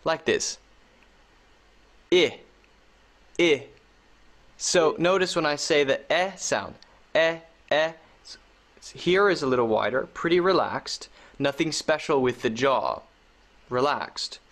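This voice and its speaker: Slow, patient man teaching pronunciation. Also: fairly high pitch, lively intonation, a bit bright. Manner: slow, patient explanation with modeled sounds. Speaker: English teacher. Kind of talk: pronunciation lesson.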